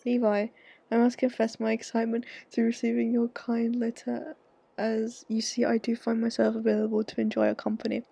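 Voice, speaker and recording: A woman reading as a courtly goth gentleman. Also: a little high, monotone, a little fast, creaky, breathy edge, dry recording. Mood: formal. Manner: courtly, flowery letter-writing tone. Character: formal old-fashioned goth gentleman dad.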